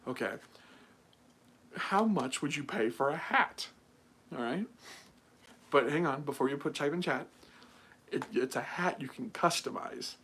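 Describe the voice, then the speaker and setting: A man's voice: a little high, measured pace, pauses often, slightly rough. A young man from the United States hosting his own livestream, chatting casually and rambling with lots of fillers. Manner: animated, mocking, rambling with many fillers. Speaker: livestream host.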